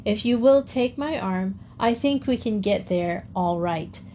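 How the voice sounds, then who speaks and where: A brisk, rough-spoken but kindly grown man gives practical orders, as a woman reading the story puts him on. His talk is quick and matter-of-fact, kept close to a plain reading voice. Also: medium pitch, expressive, dark tone, slight background noise.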